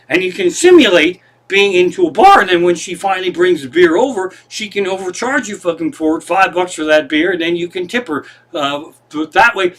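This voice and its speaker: A man hosts a loose comedy stream from his living room, speaking in a slightly high, bright, forward voice. His rambling monologue drifts from tangent to tangent, laced with profanity and self-mockery.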